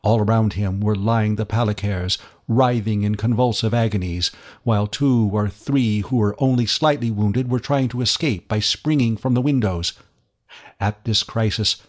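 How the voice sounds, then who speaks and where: Male narrator for classic-novel audiobook; lower voice, steady, dramatic read.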